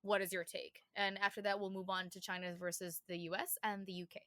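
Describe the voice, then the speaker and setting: A young woman with a bright, sharp voice chatting casually as a podcast co-host. She giggles a lot and slips into playful impressions. The sound is dry and close. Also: mid-range voice, flat delivery, fairly quick, dry recording. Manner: giggly, laughs often, mimics chirpy newsreaders. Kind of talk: casual chat.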